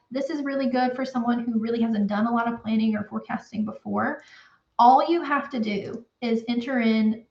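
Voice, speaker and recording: A woman with a Southern accent, an accountant chatting through a spreadsheet walkthrough on a livestream, explaining loosely with lots of fillers. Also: fairly high pitch. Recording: roomy, slightly dull livestream audio.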